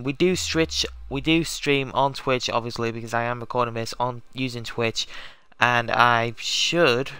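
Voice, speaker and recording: Bright, clear-voiced male game streamer. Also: mid-range voice, dry recording. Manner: rambling, self-correcting, talks to viewers. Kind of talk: casual live-stream chat.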